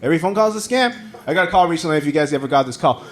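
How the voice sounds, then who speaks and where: A man's voice: a little high, rapid-fire, crowd noise. A man from Taiwan, whose first language is Mandarin, doing a conversational stand-up comedy set in a comedy club. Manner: animated, conversational storytelling. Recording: live club recording with loud audience laughter.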